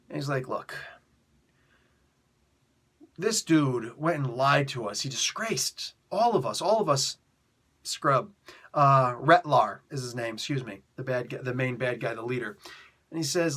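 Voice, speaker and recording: A man's voice: a little high, moderate pace. A man casually retelling a comic book story, acting out the characters' lines, coughing and losing his voice. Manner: animated, acts out characters' lines with laughs.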